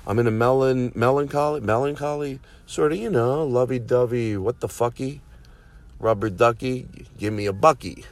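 A man hosting his own show, swearing freely as he rambles and mocks himself. His pitch sits in the middle of the range for a man. He drifts off into asides, then picks the story back up. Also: moderate pace. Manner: profane, self-mocking, trails off in asides. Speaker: comedian podcast host. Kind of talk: rambling comedic monologue.

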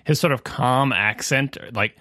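A man's voice: medium pitch, unhurried, bright, forceful tone, no room sound, studio quality. A man talking casually as a panelist on a podcast, opinionated and going on in long runs with restarts.

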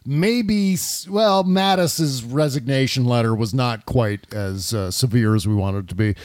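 A man's voice: medium pitch, a little slow, darkish tone, no echo. Blunt, dry-voiced man hosting talk. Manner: blunt, profane, with frequent filler "uh". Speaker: podcast host. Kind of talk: casual political chat.

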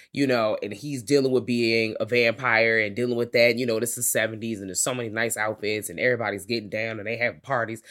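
A man co-hosts a casual podcast and talks films in a slangy, unpolished way. He rises loud when he gets excited and sinks to soft, quiet asides. His pitch sits in the middle for a man. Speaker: podcast co-host. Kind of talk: casual film chat.

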